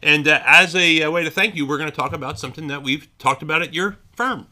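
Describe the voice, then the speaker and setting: A middle-aged man co-hosting a podcast in casual chat, halting and full of fillers. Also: fairly high pitch, pushed and bright. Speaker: podcast co-host.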